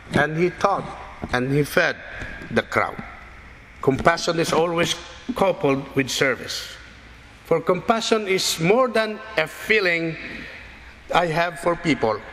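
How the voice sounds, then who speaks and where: Slow, bright-voiced preaching man. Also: a little high. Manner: slow, deliberate preaching with dramatic storytelling. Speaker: pastor. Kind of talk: sermon. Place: church. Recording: church reverb, faint noise.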